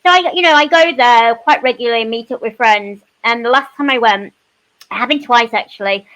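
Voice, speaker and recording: A woman's voice: on the high side, fairly quick, rough recording. A woman, a panel guest telling her stories in a casual chat with lots of "you know" asides. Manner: animated storytelling, frequent "you know" asides.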